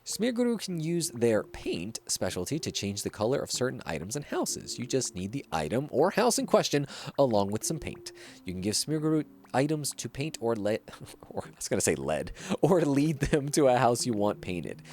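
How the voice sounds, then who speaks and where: Streaming a video game, a man chats casually and reacts to messages from viewers. His medium-pitched voice is sing-song and a little mellow, moving at a normal speed.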